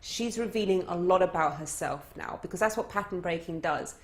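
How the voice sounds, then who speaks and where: Animated woman telling a coaching story. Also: fairly low pitch, a little fast, husky. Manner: animated anecdotal storyteller, conversational. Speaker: dating coach. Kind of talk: storytelling lesson.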